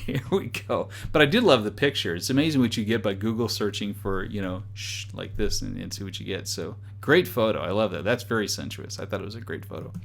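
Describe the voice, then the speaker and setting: A man's voice: fairly low pitch, brisk, gravelly, few pauses. A man giving casual, amused commentary as a dating site reviewer, with wry sarcastic asides. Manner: amused, chuckling between remarks.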